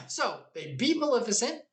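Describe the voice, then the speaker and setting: A woman's voice: fairly high pitch, very animated, a little slow. A woman hosting a game lore recap, enthusiastic and playful, often laughing at her own jokes. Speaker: video game lore channel host.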